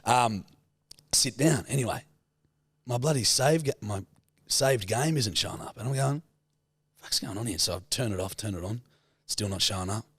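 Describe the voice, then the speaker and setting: A man in his thirties with an Australian accent, co-hosting a podcast and telling stories in a loose, animated way with plenty of swearing. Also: medium pitch, normal speed, breathy edge, no room sound. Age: 30s. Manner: swears freely, animated storyteller. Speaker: podcast co-host. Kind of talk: casual storytelling chat.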